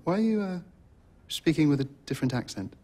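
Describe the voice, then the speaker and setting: A man's voice: on the high side, lively intonation, fast talker, warm tone. An actor playing a polite, puzzled young nobleman in a film clip. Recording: film clip with score behind.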